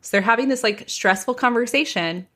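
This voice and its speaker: A young adult woman hosting a podcast, telling a gossip story casually and quoting people in quick asides. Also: fairly high pitch, pushed and bright.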